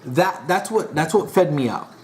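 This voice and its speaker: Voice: mid-range voice, lively intonation, moderate pace, slight background noise. A vlogger in a casual monologue, rambling with restarts and sounding exasperated and disappointed. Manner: rambling, frequent restarts and fillers.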